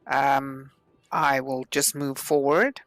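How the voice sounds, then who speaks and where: A woman playing a tabletop game, talking hesitantly with frequent pauses. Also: very deep voice, fairly even intonation, no room sound, soft background music. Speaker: player. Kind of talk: casual game table talk.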